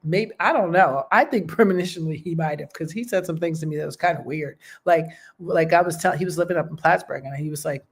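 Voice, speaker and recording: A woman's voice: deep voice, quick pace, few pauses, slightly rough. A woman hosting a show, talking in a casual, heartfelt way and often checking in with "okay?" and "you know". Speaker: host.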